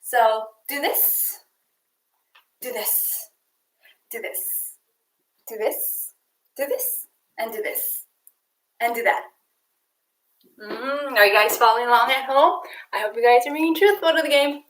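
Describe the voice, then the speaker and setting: A young woman coach leading girls through an online exercise game, counting reps out loud in an upbeat way. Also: on the high side, unhurried, long pauses, reverberant, slight background noise, low-quality recording. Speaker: youth sports coach.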